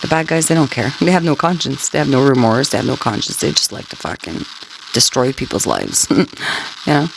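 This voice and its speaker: A woman's voice: very deep voice, big pitch swings, fairly quick, creaky, noisy background. A woman rambling crudely to her livestream listeners, taunting them and tagging her sentences with questions. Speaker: scanner livestreamer talking to listeners. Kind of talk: rambling casual monologue.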